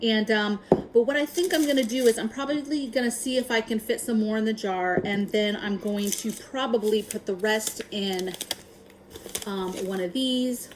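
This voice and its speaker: A woman hosting a casual how-to vlog, chatty and upbeat, often filling pauses with "um" and adding "right?" to her sentences. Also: on the high side, noisy background. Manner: chatty, frequent ums and tag questions; upbeat and enthusiastic. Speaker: prepping vlogger.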